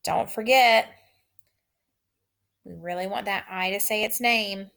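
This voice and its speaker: A woman teacher leads a recorded phonics lesson. She dictates at an unhurried, deliberate pace and repeats every word for the class. Her voice sits at an ordinary middle pitch. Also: creaky, a bit bright. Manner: slow, drawn-out dictation with repeated words.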